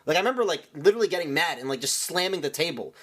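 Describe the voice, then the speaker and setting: A man's voice: fairly high pitch, lively intonation, very fast, fairly bright tone. A young man streamer telling a rambling story in casual chat, full of "like" and restarts.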